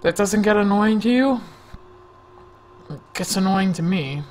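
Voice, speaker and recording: A man's voice: high voice, lively intonation, measured pace, darkish tone. A man telling a rambling, jokey story-time vlog into a desk microphone, often sidetracking himself. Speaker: vlogger.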